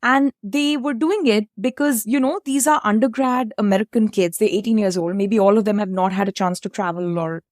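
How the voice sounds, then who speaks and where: A woman host from India with an Indian English accent, an economics professor who asks thoughtful, measured questions. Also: mid-range voice, no room sound, studio quality. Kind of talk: interview conversation.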